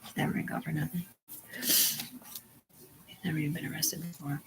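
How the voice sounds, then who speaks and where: A woman's voice: deep voice, little pitch movement, a little fast, fairly bright tone, rough recording. A woman hosting a livestream, telling a rambling, profane story and often dropping to a whisper. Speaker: livestream host.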